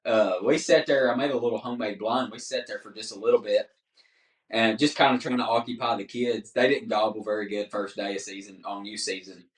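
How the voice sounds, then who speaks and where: A man, telling stories as a guest in casual podcast chat, animated and laughing often. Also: on the low side, fairly quick. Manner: animated, laughs often, says "dude" a lot. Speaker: guest hunter. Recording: roomy, distant mic.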